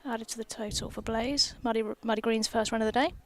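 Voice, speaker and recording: Guest-commentating a live cricket match from a gazebo outdoors, a woman cricketer keeps things playful and teasing with giggly chat over her headset mic. Her voice is a little high and brisk with fairly even intonation, and there's slight background noise.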